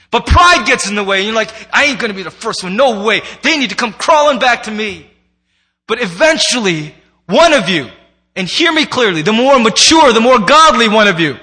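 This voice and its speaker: A man's voice: very high voice, sharp tone. A man preaching a sermon to a congregation, conversational and playful, slipping into acted asides. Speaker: pastor. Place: church sanctuary before a congregation.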